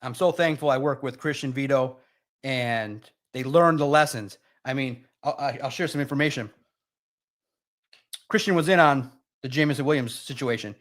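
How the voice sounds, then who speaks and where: A man's voice: mid-range voice, moderate pace, fairly bright tone. A man hosting a live sports podcast, ranting bluntly and emotionally about a team's loss while reading viewer comments.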